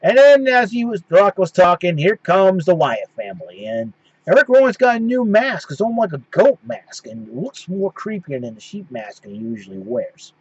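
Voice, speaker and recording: Male host, fairly high voice, rambling casual recap full of restarts; dull, dry lo-fi audio. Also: big pitch swings, normal speed, slightly rough, dry recording.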